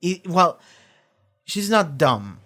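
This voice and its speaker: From his home streaming setup, a man rambles through casual, animated reaction commentary, swearing often and restarting sentences. His voice is high and he takes his time.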